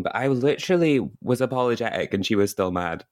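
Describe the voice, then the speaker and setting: A man from Britain co-hosting a podcast, telling a story in casual chat, full of "like" and quick asides, imitating the people he met. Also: mid-range voice, expressive, darkish tone. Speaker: podcast co-host.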